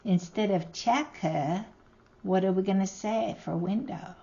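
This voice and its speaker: A woman teaching a recorded language lesson, speaking slowly and carefully and sounding out each word. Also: medium pitch, steady tone, creaky, mellow, highs cut off. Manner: slow, careful, sounding out words.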